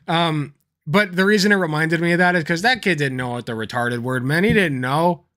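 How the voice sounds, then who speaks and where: A man's voice: on the high side, moderate pace, bright, forceful tone. A man hosting a livestream, chatting casually and telling anecdotes, swearing freely and laughing at his own stories. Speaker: livestream host.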